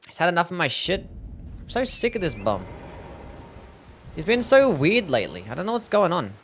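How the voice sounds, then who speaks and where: A man's voice: high-pitched, huge pitch swings, normal speed, fairly bright tone, slight background noise. A young man chatting casually as he streams a game, swearing freely and reading his chat aloud. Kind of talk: casual livestream commentary.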